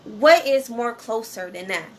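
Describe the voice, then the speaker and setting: A woman's voice: a little high, lively intonation, measured pace, background noise. A woman, talking casually and directly to her viewers, often checking in with "okay?". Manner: conversational, repeats "okay?" and "you know". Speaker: channel host.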